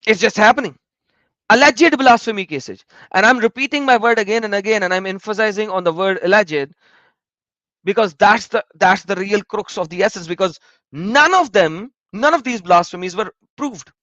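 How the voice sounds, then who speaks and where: A man's voice: sits high, normal speed, sharp tone, dry recording, muffled recording. A man giving emphatic, repetitive, indignant commentary on a video blog while reading out search results. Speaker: vlogger.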